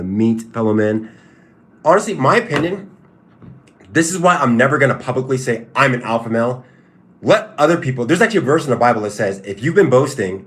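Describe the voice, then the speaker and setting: A man talking casually on a livestream, reacting to chat as it comes in. His pitch sits in an ordinary middle range, and he restarts his sentences and hammers the same points again and again. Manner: repetitive, stop-start, emphatic. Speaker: livestream host and fighter.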